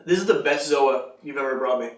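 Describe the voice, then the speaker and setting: A man's voice: medium pitch, brisk. Man, casual chat, joking and rambling, echoey room, heard from a distance. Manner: joking, rambling, laughs often. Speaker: podcast co-host.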